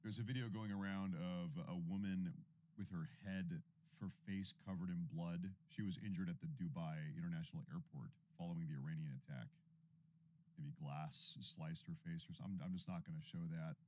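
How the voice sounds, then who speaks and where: A man's voice: deep voice, steady tone, fairly quick, a little mellow, slight background noise. A man in his thirties hosting a casual news livestream, rambling and often repeating himself as he reacts to clips and thanks viewers for super chats. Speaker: independent news livestream host.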